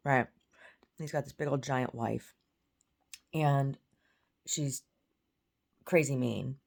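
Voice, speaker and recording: A woman's voice: very deep voice, takes it slowly, creaky, darkish tone. A woman telling an angry story in a casual, profane rant with stammered restarts, at home. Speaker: vlogger. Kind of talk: casual ranting monologue.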